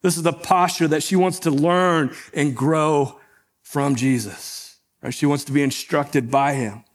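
A man gives a sermon in a slightly raised voice. He preaches like he is talking with the congregation, keeps asking them to follow along, and gets lively in the story before turning gentle to explain it. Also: fairly high pitch, unhurried. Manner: conversational, often asks "right?" to the congregation. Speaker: pastor.

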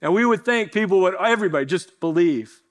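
A man with a fairly high voice delivers a sermon from the pulpit. He talks in an earnest storytelling way, leaning into key words and letting lines land slowly. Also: expressive. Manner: earnest storytelling preacher, slows for emphasis. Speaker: pastor.

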